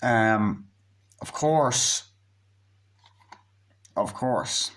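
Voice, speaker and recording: A man's voice: mid-range voice, extremely slow, a bit bright. A young man giving a casual, rambling movie review, swearing freely and acting out scenes as he retells them.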